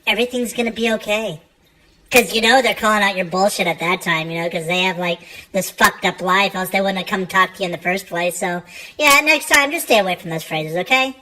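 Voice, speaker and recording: A woman's voice: lowish voice, fairly quick, sharp tone, low-quality recording. A woman doing a stand-up comedy routine, profane and rambling, full of fillers.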